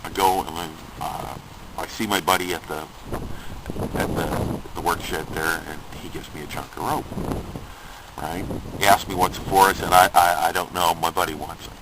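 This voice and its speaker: Man, very low voice, chatty rambling joke teller, chuckles at his own story, loud background noise. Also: fairly even intonation, normal speed. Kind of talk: casual spoken joke storytelling.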